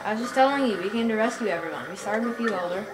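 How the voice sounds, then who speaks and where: A woman's voice: mid-range voice, expressive, racing, natural voice. A woman reading the lines of an earnest, eager young hero of a tiny tribe, over game music in a roomy space.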